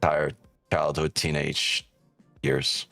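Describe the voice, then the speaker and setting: A man's voice: very deep voice, flat delivery, drawn-out words, vocal fry, sharp tone, no echo, faint music behind. A man hosting a live trading stream, joking and teasing viewers in casual, profane banter. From New York.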